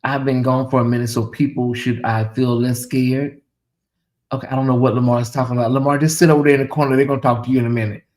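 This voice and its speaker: A middle-aged man hosting a casual livestream, talking straight to his chat in an animated, teasing way. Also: mid-range voice, quick pace. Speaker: livestream host. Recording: echoey room.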